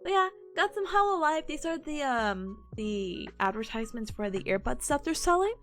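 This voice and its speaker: A woman's voice: high-pitched, very animated, moderate pace, faint music behind. A woman streamer chatting casually and telling stories in a bubbly, giggly way, her voice a little worn from hours of talking. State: voice tired from long talking. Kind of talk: casual chat.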